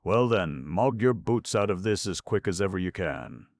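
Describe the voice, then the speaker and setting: A man voicing a sharp-tongued, belligerent spinster aunt who speaks in curt, scornful bursts. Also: deep voice, lively intonation, takes it slowly, dry recording, studio quality, voice pushed up. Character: shrill belligerent spinster aunt, middle-aged woman.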